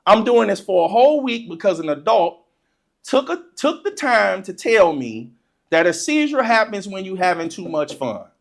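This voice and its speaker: An animated storyteller telling a funny childhood story, laughing often and acting out the excitement in casual, informal speech. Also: medium pitch, moderate pace. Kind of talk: comedic personal storytelling.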